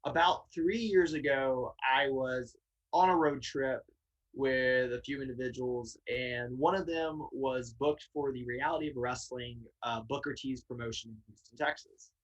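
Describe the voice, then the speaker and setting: A man's voice: mid-range voice, unhurried, dull audio. Laid-back man telling road stories. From Tennessee. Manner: animated anecdote telling with laughs and swearing. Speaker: guest wrestler. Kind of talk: casual storytelling chat.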